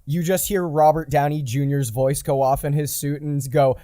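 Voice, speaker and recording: A man in relaxed podcast chat who sets up jokes and swears casually. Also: a little high, normal speed, dry recording, studio quality.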